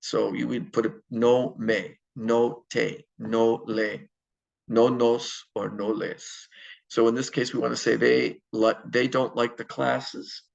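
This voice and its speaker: A man's voice: medium pitch, flat delivery, slow, creaky, highs cut off. A man teaching a Spanish grammar lesson, explaining step by step with fillers and self-corrections. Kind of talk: recorded classroom lecture.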